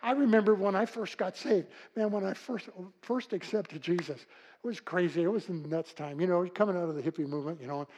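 Preaching fairly quickly in a high, husky voice, an older pastor shares folksy stories and moves between loud calls and hushed passages. The recording quality is low.

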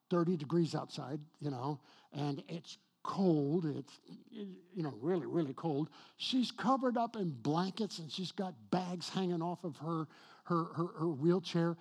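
A middle-aged male pastor preaching a sermon, telling a personal story with a husky voice that swings from hushed to loud and emphatic. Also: a little high.

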